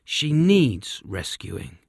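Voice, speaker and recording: A man reading a storybook, voicing a calm, dry-humoured old wizard in a lowered, measured voice. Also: creaky, husky, dry recording, heavily acted. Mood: wry.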